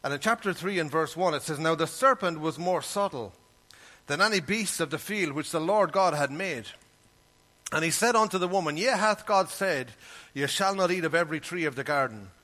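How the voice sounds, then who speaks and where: Man, preacher, sermon, bright tone, earnest, conversational, reads scripture. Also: on the high side, lively intonation, moderate pace.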